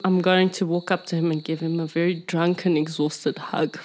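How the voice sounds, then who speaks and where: A woman's voice: fairly low pitch, little pitch movement, moderate pace, a little mellow, slight background noise. A woman playing in a tabletop game, describing her character's actions in a giggly, rambling way. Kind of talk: casual tabletop role-play.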